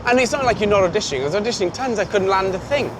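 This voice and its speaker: A Welsh man in his thirties, an actor guest telling stories in a casual interview, self-deprecating and quick to laugh. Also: high-pitched. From Wales. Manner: animated storyteller, self-deprecating, laughs often. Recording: noisy background.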